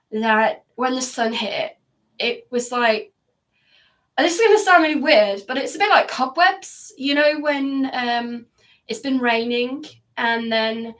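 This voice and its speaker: Hesitant woman vlogger, high voice. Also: a bit bright, recorded from a distance. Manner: hesitant, many fillers, halting restarts. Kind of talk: personal reflective monologue. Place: upstairs at home indoors.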